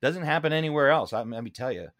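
A man's voice: fast, no room sound, studio quality. A Broadway actor being interviewed, telling stories casually and acting out quoted lines with big jumps in his voice. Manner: animated, acts out quotes with big pitch jumps.

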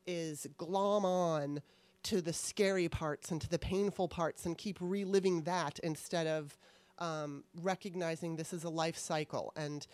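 A woman with a fairly low voice chats candidly as a podcast host, rambling through her thoughts and swearing now and then. Her voice sits close to the mic in a dry, dead-sounding space. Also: fairly even intonation, unhurried, darkish tone, no echo. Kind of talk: casual conversation.

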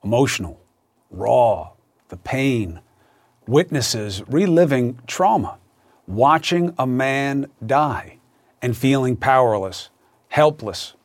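A man's voice: medium pitch, lively intonation, slow, dry recording. Emphatic man hosting a news show. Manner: emphatic, conversational, personal. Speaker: host. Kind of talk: news commentary and interview.

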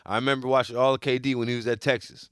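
A man's voice: medium pitch, very fast, smooth, no room sound, clean studio sound. A man co-hosting a sports talk show, arguing in a slangy, emphatic way and repeating his points. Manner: animated, slangy, emphatic repetition. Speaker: sports podcast co-host. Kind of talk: casual sports debate.

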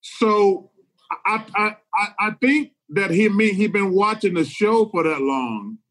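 Loud joking co-host guy, pretty high voice. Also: expressive, a little slow, poor audio. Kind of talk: casual podcast chat.

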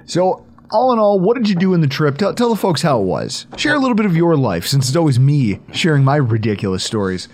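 A man's voice: on the high side, big pitch swings, a little fast, hardly any pauses, slight background noise. A man hosting a casual sports podcast, bantering and teasing his co-host in a playful way.

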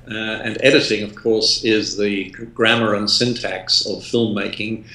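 A man's voice: on the low side, fairly bright tone. An older man from England, a film director, reminiscing in an interview with lots of ums and restarts. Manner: rambling, with many ums and restarts. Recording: roomy echo.

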